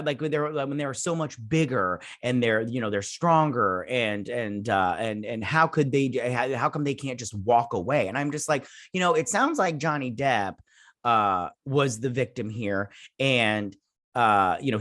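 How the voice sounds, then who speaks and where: A man's voice: mid-range voice, a bit bright. A man hosting his own reaction vlog, ranting heatedly with many restarts and fillers. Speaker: YouTube channel host.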